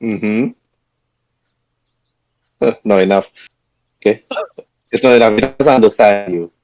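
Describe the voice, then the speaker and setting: A man running a tabletop game as game master, talking in a halting way with frequent chuckles. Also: on the low side, darkish tone, poor audio.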